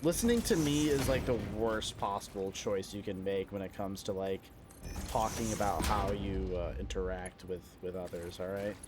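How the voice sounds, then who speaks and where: A man's voice: sits low, normal speed, over music. A young man chatting casually while streaming a game, rambling, self-deprecating and swearing often. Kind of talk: casual live-stream chat while gaming.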